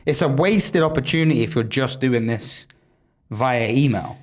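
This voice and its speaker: A man co-hosting a casual podcast, reacting loudly, swearing freely and cracking up often. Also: medium pitch, lively intonation, normal speed. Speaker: podcast co-host.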